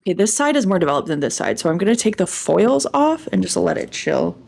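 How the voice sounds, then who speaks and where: A young woman hosting a casual chat, retelling a show scene with excitement and swearing freely. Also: medium pitch, quick pace, gravelly. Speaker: stream host. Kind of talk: casual chat while dyeing hair.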